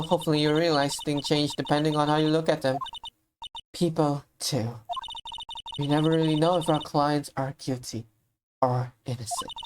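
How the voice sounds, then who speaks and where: A woman voicing a calm, wise female mentor lawyer, speaking softly and earnestly. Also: low-pitched, noisy background.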